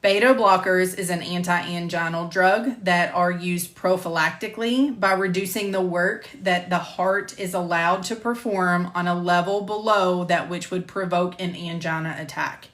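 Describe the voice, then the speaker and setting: A woman instructor reading lecture material on drugs at a measured pace, stopping to correct herself and chat. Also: on the low side, a bit bright, echoey room. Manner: measured, careful reading of drug terms, self-correcting. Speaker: medical coding instructor. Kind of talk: recording lecture narration, with casual asides. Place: home room with door closed.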